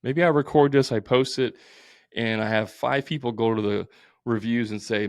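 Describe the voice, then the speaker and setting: A man's voice: mid-range voice, moderate pace, a little mellow, dry recording, clean studio sound. A man hosting a solo podcast, talking bluntly and informally, repeating his points with plenty of fillers. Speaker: podcast host.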